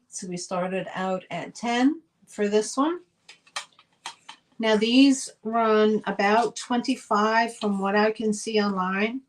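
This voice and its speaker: A woman's voice: mid-range voice, low-quality recording. A woman hosting a live online sale, chatting as she describes items for auction.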